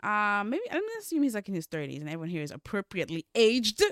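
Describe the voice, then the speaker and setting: A woman co-hosting a casual book chat, retelling scenes in an animated way and acting out the characters. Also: mid-range voice, fast talker, no room sound, clean studio sound. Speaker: book podcast co-host.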